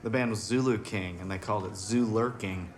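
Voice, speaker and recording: A man's voice: fairly low pitch, brisk, slight background noise. A man, a musician being interviewed, telling stories casually and acting out the voices of people he met. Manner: animated, acts out people's voices in his stories. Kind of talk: casual storytelling.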